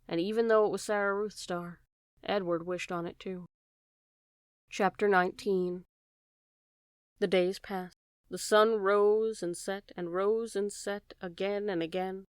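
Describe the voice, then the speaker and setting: A woman reading a children's novel aloud with steady, gentle narration. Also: medium pitch, measured pace, pauses often, clean tone, no room sound, studio quality. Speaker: audiobook reader. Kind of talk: storybook narration.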